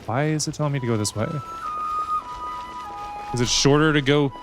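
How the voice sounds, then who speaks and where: A man's voice: mid-range voice, normal speed. A man casually commenting while he plays a video game, joking and talking back to the characters on screen. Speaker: streamer. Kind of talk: casual let's-play commentary. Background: game audio and music.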